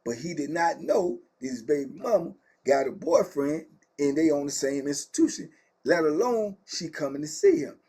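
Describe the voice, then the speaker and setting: A middle-aged man telling prison stories in casual, slangy speech, animated and acting out what people said. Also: a little high, normal speed, breathy edge. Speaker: storyteller host. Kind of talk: casual prison story time.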